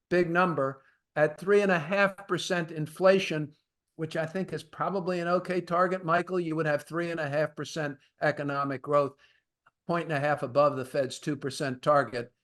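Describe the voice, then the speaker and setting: A man with a fairly high-pitched voice hosts a markets podcast. He explains economic ideas in plain, folksy terms and often turns to address his listeners directly. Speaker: podcast host. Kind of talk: conversational market commentary.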